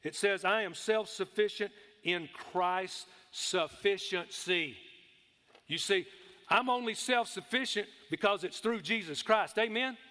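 A man's voice: sits high, unhurried, bright, forceful tone, big-room sound. A man preaching a sermon, emphatic, calling for amens and stretching out key words.

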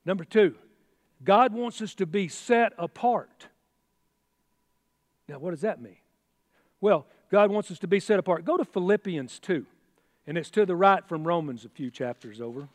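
A man's voice: high voice, lively intonation, normal speed, long pauses, no room sound, big-room sound. A man preaching a sermon in a folksy, exclamatory way, with chatty asides. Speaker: pastor.

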